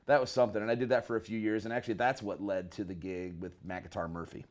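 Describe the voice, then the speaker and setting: Man from northern Michigan, low voice, laid-back rambling storyteller, slangy interview guest. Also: level tone, fast, a little mellow. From northern Michigan, USA. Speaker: guest musician, bass player.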